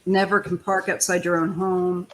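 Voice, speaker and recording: A woman's voice: on the low side, flat delivery, normal speed, a little hiss or hum, low-quality recording. Chatty woman tarot reader on a live stream. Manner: chatty, emphatic, complaining asides. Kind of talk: live-stream casual chat.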